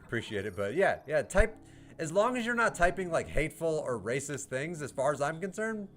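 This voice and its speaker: A man's voice: fairly high pitch, sing-song, a little fast, fairly bright tone, slight background noise. A man from the United States chatting on a livestream, answering chat, ranting heatedly and swearing with laughs in between. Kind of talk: casual livestream chat, reading chat.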